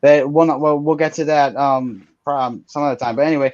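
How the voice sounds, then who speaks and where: A man speaking in an excitable, rambling way as a panelist in a casual online debate over a video call. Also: on the high side, brisk, lo-fi sound.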